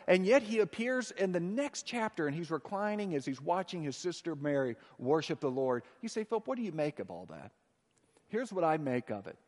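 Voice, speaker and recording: A man preaching in a church with a fairly high voice, swinging between ringing declarations and quiet, hushed asides. His voice carries a long hall reverb that trails after each phrase. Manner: emphatic, swinging between loud proclamation and soft hushed asides. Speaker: pastor. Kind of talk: sermon. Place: church sanctuary.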